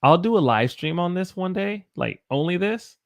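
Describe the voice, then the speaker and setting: A man's voice: high voice, expressive. A man with a Southern US accent teaching English pronunciation, repeating example words again and again and answering viewer comments. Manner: slow, repeats demonstration words over and over. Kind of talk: pronunciation lesson with viewer chat.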